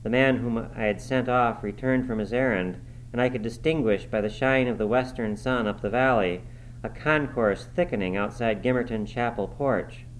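A man reading a classic novel aloud in a measured, dramatic first-person narration. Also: mid-range voice, a little hiss or hum, rough recording. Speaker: audiobook reader.

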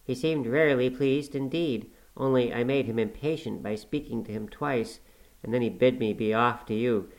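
A man's voice: medium pitch, normal speed, natural voice, poor audio. A man reading aloud as a plain-spoken young countryman in a storybook. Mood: reassuring.

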